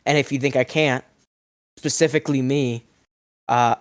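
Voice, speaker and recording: A man's voice: medium pitch, steady tone, normal speed, smooth. A young man telling a rambling absurd comic story, mock-outraged, his voice cracking now and then. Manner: rambling, mock-outraged, swings between mumbling and yelling. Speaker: food review vlogger.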